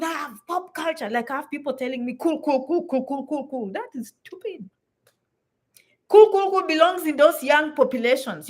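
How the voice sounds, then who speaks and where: A high-pitched woman speaks straight to her viewers. She is blunt and emphatic, and she drives each point home by saying it again. Her tone is that of a vlogger handing out frank advice. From Africa. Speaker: vlogger giving advice to immigrants. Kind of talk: direct-to-camera advice talk.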